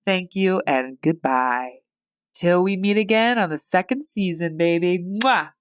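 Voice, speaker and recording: Woman, 30s, American accent, solo podcast host; slightly low voice, candid, rambling, teary with a stuffy nose. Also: measured pace, clean tone. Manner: candid, rambling, swears casually. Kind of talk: personal solo podcast chat.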